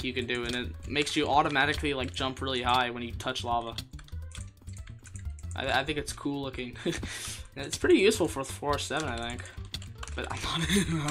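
A streamer giving live gameplay commentary, excitable and jokey, laughing often and repeating phrases. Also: medium pitch. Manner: jokey, self-deprecating.

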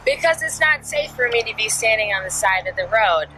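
Sharp-voiced woman arguing at a roadside stop. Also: on the high side, expressive, fairly quick, a little hiss or hum, poor audio. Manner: insistent, argumentative, formal "yes sir" answers. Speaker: driver being questioned. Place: roadside at night.

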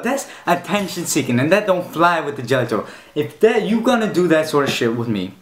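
A man's voice: on the high side, sing-song, fairly quick, few pauses, echoey room, a little hiss or hum. A male YouTuber delivering a comedic, profane rant in a slangy, mock-tough way. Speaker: YouTube commentator.

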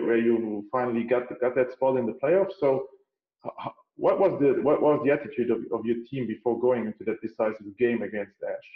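A man co-hosting a podcast, speaking hesitantly with frequent restarts. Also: mid-range voice. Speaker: podcast co-host. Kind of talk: casual podcast interview. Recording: echoey phone-like line.

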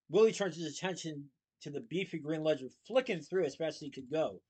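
A man reading a children's book aloud, steady with small slips and restarts. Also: on the high side, a little fast, few pauses, husky.

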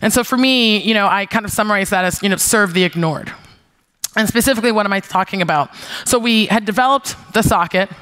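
Bright, crisp-voiced woman telling stories. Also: medium pitch, a little fast. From New York, USA. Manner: lively, swearing, acts out her own quoted retorts. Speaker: keynote speaker, founder. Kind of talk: conference talk, storytelling. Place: stage before an audience.

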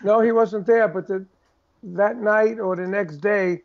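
An older man, telling animated stories in a casual interview and acting out the voices of the people in them. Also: sits high, a little slow, muffled recording. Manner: animated storyteller who acts out quoted voices. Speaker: guest drummer telling stories.

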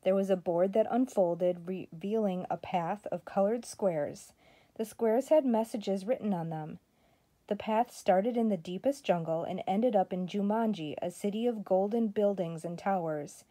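An older woman, a grandmother, reading a children's story aloud in a steady, expressive way. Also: mid-range voice, a little slow.

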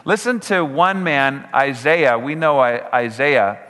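A man preaching a sermon as pastor, emphatic, slowing down on key phrases and swinging his pitch up and down. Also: bright, forceful tone. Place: church sanctuary. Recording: church hall reverb.

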